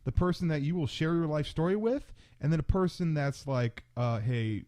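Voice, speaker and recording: A man's voice: fairly high pitch, fairly quick, mellow, no echo. A man co-hosting a podcast, telling his side of a story in a rambling, profane, casual way. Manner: rambling, profane, laughs easily. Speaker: podcast co-host.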